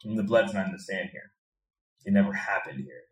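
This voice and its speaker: Deep-voiced thoughtful man, echoey room. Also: brisk. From Chicago, USA. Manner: thoughtful, repeats words when building a point. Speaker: guest, American expat in Thailand. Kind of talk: reflective conversational interview. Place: indoor room in Bangkok.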